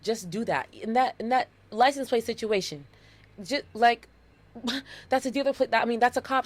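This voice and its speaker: A woman's voice: fairly high pitch, moderate pace. A woman of thirty hosting her own podcast alone, talking casually and playfully, with dramatic repetitions. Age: 30s. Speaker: podcast host. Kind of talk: casual solo podcast monologue.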